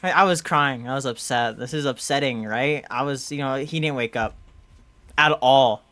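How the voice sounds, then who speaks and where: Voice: medium pitch, moderate pace, a bit bright. A young adult podcast co-host telling a story in casual chat, rambling and full of "like" and restarts. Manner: rambling, heavy use of "like" and restarts.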